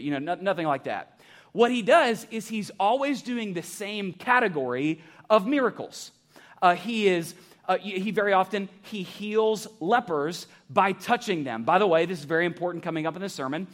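A man preaching a sermon to a church congregation, animated and joking, asking the crowd rhetorical questions. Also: sits high, fairly quick. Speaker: pastor. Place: church sanctuary.

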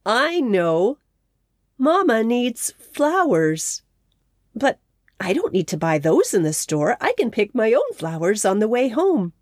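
A woman's voice: fairly high pitch, very animated, slow pace, no room sound, studio quality, exaggerated voice. Woman doing an eager little bear cub. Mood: earnest. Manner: earnest, childlike. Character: small eager young male bear cub.

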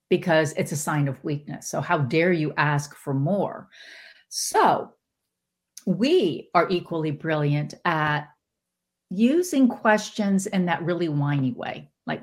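Animated woman giving a motivational talk. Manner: animated, with sudden pitch jumps into quoted voices. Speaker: podcast guest, spiritual teacher.

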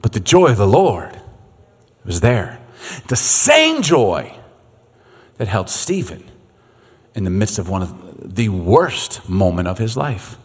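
Animated preacher in a reverberant hall. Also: male voice, lowish voice, slow pace, pauses often, breathy edge. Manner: animated, conversational preaching with acted-out voices. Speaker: pastor. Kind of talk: sermon. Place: church sanctuary.

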